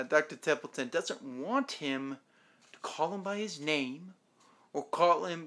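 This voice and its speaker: A man's voice: a little high, creaky, bright, forceful tone. A man casually recapping a TV episode as a show host, rambling along and acting out the characters' lines.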